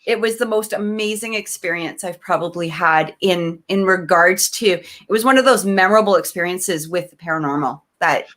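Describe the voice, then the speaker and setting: A woman from Canada, co-hosting a podcast, tells a personal story in a lively, emotional way, full of restarts and fillers. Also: on the low side, normal speed, hardly any pauses. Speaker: podcast co-host. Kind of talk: casual storytelling in an interview.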